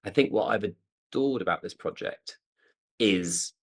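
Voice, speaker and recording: A man, a composer, telling lively anecdotes in an interview and acting out quoted voices. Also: on the low side, unhurried, soft background music. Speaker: composer guest. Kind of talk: conversational interview storytelling.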